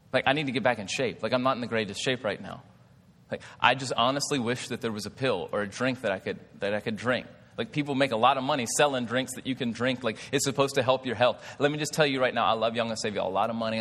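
A man delivers a sermon in a bright, forceful voice. He keeps it conversational, throws questions out to the crowd and scatters "like" through his sentences. The sound carries a long reverb from a big hall. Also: medium pitch. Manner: conversational, asks the crowd questions, many "like" fillers. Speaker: pastor.

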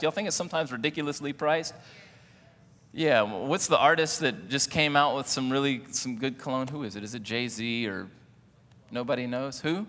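A man preaches in a church with a bright, forceful tone, joking easily and putting questions to the congregation. His words ring out with a long hall reverb behind them. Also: medium pitch, normal speed. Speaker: pastor. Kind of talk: sermon.

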